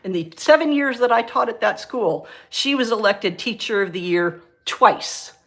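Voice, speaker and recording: Animated woman ranting on a livestream. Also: moderate pace. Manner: animated, ranting storyteller with big pitch jumps. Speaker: livestream host, former science teacher. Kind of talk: casual chat on a livestream.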